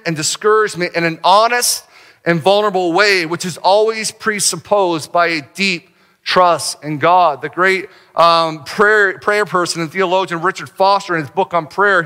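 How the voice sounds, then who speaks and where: A man preaches to his congregation in a high, ringing voice. He is animated, then slows and sinks low to press a point home. His words trail off into the long reverb of a church sanctuary. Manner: animated preaching, slowing and dropping low for emphasis. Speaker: pastor. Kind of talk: sermon. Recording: reverberant hall.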